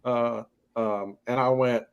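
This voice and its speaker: A man's voice: medium pitch, fairly even intonation, takes it slowly, lo-fi sound, a little hiss or hum. A man guest-hosting a podcast, telling a casual story and laughing often. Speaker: guest host. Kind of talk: casual chat.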